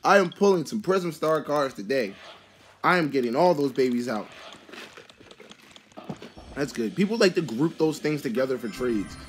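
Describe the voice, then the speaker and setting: A vlogger commentating a card pack opening in a casual, excitable way, with frequent exclamations and rambling asides full of fillers. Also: mid-range voice, normal speed, pauses often, faint music behind. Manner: rambling, filler-heavy musing.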